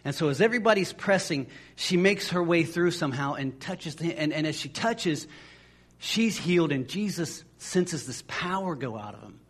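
Husky-voiced male pastor preaching. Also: on the high side, lively intonation, normal speed. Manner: conversational, repeats words as he restarts phrases; acts out quoted voices of people in the stories. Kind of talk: sermon.

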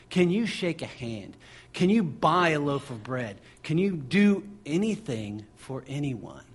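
A man's voice: on the high side, husky. A man preaching a sermon, impassioned and building through repeated phrases. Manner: impassioned, driving repetition.

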